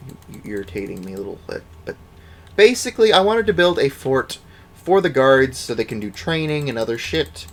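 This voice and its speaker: A man's voice: mid-range voice, sing-song, brisk. A man giving casual, rambling commentary over his gameplay, offhand and self-deprecating, with the odd swear. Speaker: let's play gamer.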